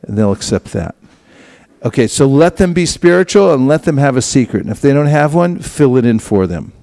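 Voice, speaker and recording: A man's voice: medium pitch, sing-song, a little fast, mellow. A man teaching a devotional class, often acting out short quoted exchanges and asking the audience to respond. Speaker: teacher of book distribution. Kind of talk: class talk.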